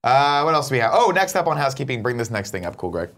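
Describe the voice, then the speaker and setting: A man co-hosting a casual morning show, joking and self-mocking with deadpan asides. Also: medium pitch, rapid-fire. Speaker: co-host.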